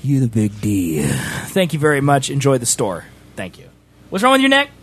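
Hosting a stream, a man with a mid-range, slightly breathy voice chats casually at a normal speed. He playfully teases his friend and talks over him in an animated way.

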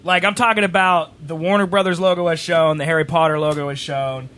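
A man telling a rambling story on a stream, animated, sometimes rising to a shout. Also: fairly high pitch, brisk. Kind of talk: casual storytelling chat.

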